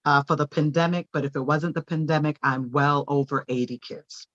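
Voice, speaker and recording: A woman, a daycare owner, telling her personal testimony in a church interview with animated storytelling. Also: deep voice, moderate pace, dull audio. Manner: animated storytelling, acting out quoted voices.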